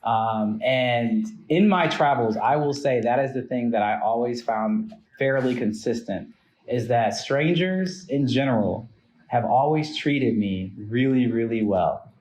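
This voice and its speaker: Relaxed man, roomy echoing recording. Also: medium pitch, a little slow. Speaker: podcast co-host. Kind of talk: casual chat. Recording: roomy echo.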